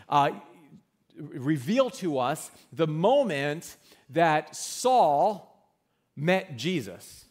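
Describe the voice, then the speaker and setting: Earnest man preaching, higher voice. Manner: earnest, conversational preaching with repetitions. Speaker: pastor. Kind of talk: sermon.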